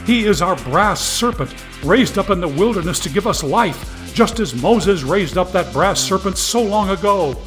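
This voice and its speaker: A man's voice: high-pitched, lively intonation, normal speed, hardly any pauses, a bit bright, soft background music, pitched above the performer's own voice. A man voicing a tearful male TV preacher who pleads fervently with his flock. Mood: preaching. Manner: preachy, rising fervor, pleading.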